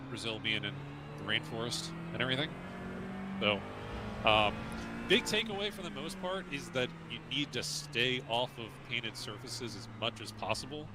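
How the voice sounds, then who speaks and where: A man's voice: mid-range voice, sing-song, moderate pace, background noise. A man hosting a live sim racing stream, talking casually while he drives, with frequent ums and easy laughs. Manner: chatty, laughs easily, many ums. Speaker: host.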